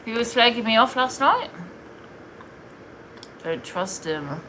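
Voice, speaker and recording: A woman's voice: medium pitch, animated, moderate pace, pushed and bright, slight background noise. A woman streaming live, bluntly and scornfully ranting while she answers viewers' comments. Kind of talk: heated live-stream rant.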